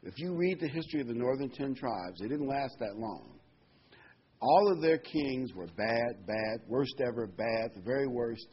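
A man's voice: medium pitch, lively intonation, normal speed, husky. A man delivering a sermon in a conversational way, with fillers and emphatic repetition. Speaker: preacher. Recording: dull lo-fi sound with faint noise.

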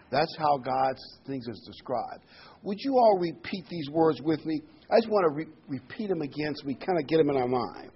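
A man's voice: a little high, animated, moderate pace. A man preaching a sermon in a conversational way, leading the congregation to repeat words after him. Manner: conversational, leads the congregation in call-and-response. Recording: dull lo-fi recording with faint hiss.

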